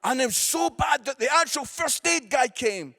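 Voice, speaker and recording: A man in his forties, an evangelist and comedian, delivering a gospel message through animated comic storytelling that turns earnest and gentle. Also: extremely high pitch, measured pace, vocal fry. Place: live event venue.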